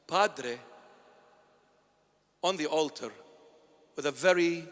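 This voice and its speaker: Male preacher, high voice, animated storyteller who acts out his characters, recorded live in a church with a long reverb. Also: measured pace. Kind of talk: storytelling sermon.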